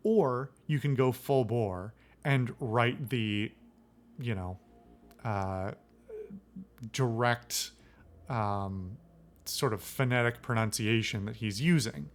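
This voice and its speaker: A man's voice: mid-range voice, slow, pauses often. A man hosting a let's play, giving casual commentary on the game. He is opinionated and rambles, with plenty of fillers, in an ordinary mid-range voice.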